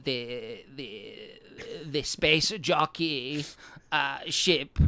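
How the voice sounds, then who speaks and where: A man co-hosting a podcast, recapping a film in casual, crude, deadpan jokes. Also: medium pitch, drawn-out words. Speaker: podcast co-host. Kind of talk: casual movie-review chat.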